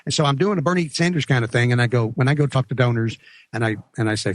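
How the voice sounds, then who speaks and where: A man's voice: mid-range voice, fast talker, dry recording. A man, a political candidate speaking as a guest on a radio talk show, folksy and rabble-rousing as he tells stories. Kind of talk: animated campaign talk.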